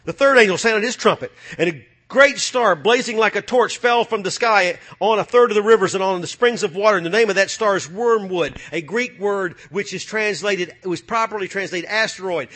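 A man preaching a sermon, swinging from loud, fiery passages to low, muttered asides. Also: brisk, hardly any pauses.

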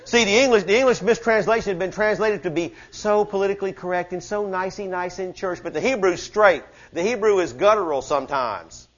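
A man preaching a sermon to a church service, fervent and conversational, dropping to hushed asides and rising to shouted questions with call-and-response. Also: high-pitched, brisk, hardly any pauses, muffled recording. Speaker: pastor.

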